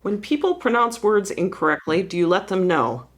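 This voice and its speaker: Woman host firing off quick questions. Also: mid-range voice, animated. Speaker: podcast co-host. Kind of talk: lightning-round interview questions.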